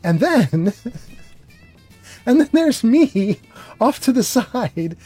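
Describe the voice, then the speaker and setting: Casual gaming streamer, mid pitch, rambling and self-mocking, music low in the mix. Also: very animated, extremely slow, dark tone, breathy edge. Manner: rambling, self-deprecating, many fillers. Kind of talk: gameplay commentary and storytelling.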